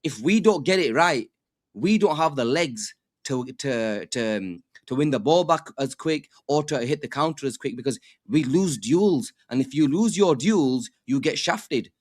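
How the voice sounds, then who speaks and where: A man on a football fan panel who talks in halting bursts, repeating words and swearing when riled. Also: medium pitch, animated, darkish tone, dry recording, studio quality. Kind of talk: casual fan chat.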